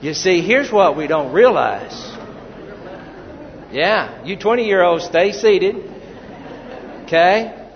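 A man preaching a sermon, moving from quiet storytelling to loud, drawn-out exhortation to the congregation. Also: high voice, animated, a faint crowd. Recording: dull, lo-fi with long hall reverb.

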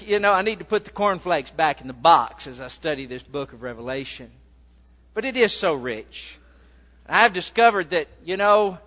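A man preaching a sermon as pastor, rambling in a folksy storytelling way before reading scripture aloud. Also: on the high side. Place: church sanctuary. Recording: dull sound in a reverberant hall.

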